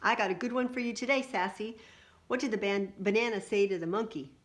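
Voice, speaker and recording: A woman's voice: on the low side, normal speed, lightly acted. A woman reading aloud and voicing a cheerful, joking old uncle in a storybook, laughing at his own jokes.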